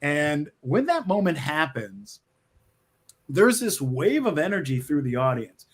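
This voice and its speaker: A middle-aged screenwriter, appearing as a guest, chats casually in an interview with a rather high, breathy-edged voice. Unhurried yet very animated, he rambles, restarting often and letting out small laughs.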